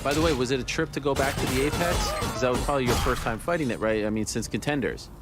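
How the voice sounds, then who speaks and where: A man's voice: mid-range voice, over loud music. A man hosting an interview, upbeat and chatty, asking questions in a friendly, casual way. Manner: upbeat, chatty, quick to laugh. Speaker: interviewer, host.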